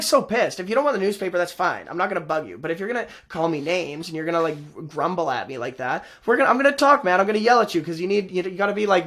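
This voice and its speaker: High-voiced man rambling in a vlog. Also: fairly bright tone. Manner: rambling, repetitive, frequent laughs. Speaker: host. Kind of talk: casual vlog commentary.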